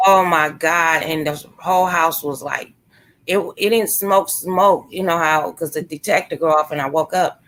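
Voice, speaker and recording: A woman's voice: low-pitched, steady tone, moderate pace, fairly bright tone. Casual woman streamer chatting. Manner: loose, emphatic storytelling. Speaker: live streamer. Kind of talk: casual chat.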